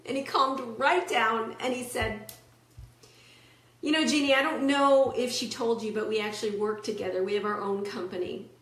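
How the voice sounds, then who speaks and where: Lady coach telling client stories, kinda high voice, roomy echo. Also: moderate pace. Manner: storytelling, animated quoting of clients. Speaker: relationship coach. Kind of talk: motivational talk to camera.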